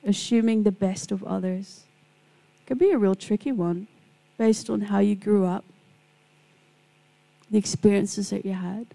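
Gravelly-voiced woman giving a devotional talk. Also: medium pitch, steady tone, unhurried, long pauses, low-quality recording. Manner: warm storytelling, acts out quoted people. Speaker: Christian speaker. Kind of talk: devotional talk with personal stories.

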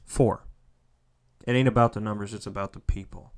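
A man giving a heartfelt motivational monologue. He repeats phrases for emphasis and swings between loud, pushing lines and soft, near-whispered ones. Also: on the low side, steady tone, moderate pace, smooth.

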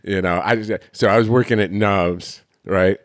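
Man, podcast host, very low voice, dry close sound, animated storyteller, swears freely. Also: moderate pace, dry recording. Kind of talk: casual chat.

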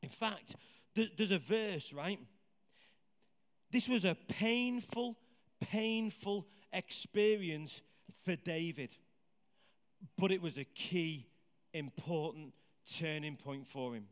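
A man preaching a sermon in a conversational, animated way, asking the congregation questions. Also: high-pitched, slow, pauses often. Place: church hall with congregation. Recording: hall reverb.

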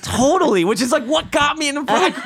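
A man's voice: extremely high pitch, fast talker, vocal fry, over a noisy crowd. A man telling profane stories in casual chat, acting out the people he quotes. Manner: profane, animated storytelling with acted-out quotes. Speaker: podcast co-host.

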